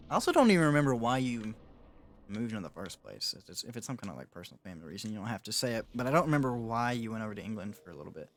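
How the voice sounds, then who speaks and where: A man's voice: fairly low pitch, very animated, rapid-fire. Chatty young man streaming a game. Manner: casual, chatty, reads and answers chat, laughs often. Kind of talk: live-stream gaming chat.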